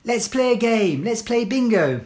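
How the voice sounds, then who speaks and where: A woman reads classroom phrases aloud as a language teacher, one short phrase at a time. She speaks slowly and deliberately, with a lively voice that rises and falls. Each phrase comes out clear and carefully spaced. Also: on the high side. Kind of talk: slow read-aloud list of classroom phrases.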